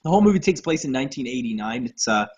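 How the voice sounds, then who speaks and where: Husky, animated man chatting movies. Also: medium pitch, rapid-fire, dull audio. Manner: animated, laughing, swears, does mocking quoted voices. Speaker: podcast co-host. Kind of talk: casual chat about movies.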